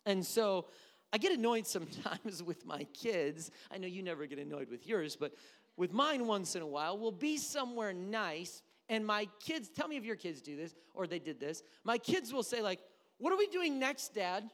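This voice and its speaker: A male pastor preaching a sermon, telling stories with humorous asides in an animated way. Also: high-pitched, moderate pace, big-room sound. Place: church sanctuary.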